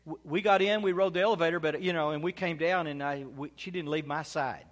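A man's voice: a little high, a little fast, few pauses. Preacher man in a reverberant church. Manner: storytelling, rising to loud exclamations. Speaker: pastor. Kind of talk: sermon with personal story. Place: church sanctuary.

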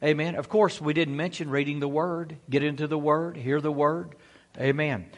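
Man, pastor, high voice, folksy sermon, keeps saying amen, church setting. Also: fairly even intonation, moderate pace. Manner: folksy, peppers speech with amen and praise God.

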